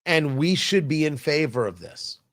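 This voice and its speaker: A man's voice: fairly high pitch, lively intonation, moderate pace, a bit bright. A man hosting a talk show, giving an opinionated and emphatic political commentary monologue with a mocking edge at times.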